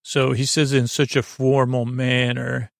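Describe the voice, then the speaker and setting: A man's voice: medium pitch, flat delivery, measured pace, gravelly, dry recording, clean studio sound. A man hosting a sleep podcast, recapping a show in a casual, rambling way with many hesitant fillers.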